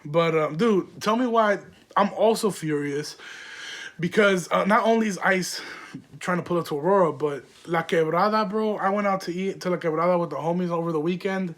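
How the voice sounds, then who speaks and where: A man's voice: high voice, moderate pace, a bit bright. A young man hosting a podcast, telling rambling, profane stories in slang with lots of fillers. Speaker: podcast host. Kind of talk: casual storytelling monologue.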